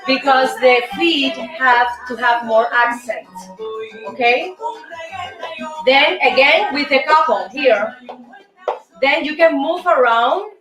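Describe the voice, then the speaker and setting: A Cuban woman, a native Spanish speaker, hosting a show and teaching salsa steps in accented English, counting beats aloud in a playful, encouraging way. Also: sits high. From Cuba. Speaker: dance instructor and show host. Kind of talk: dance lesson. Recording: roomy, distant mic, faint music.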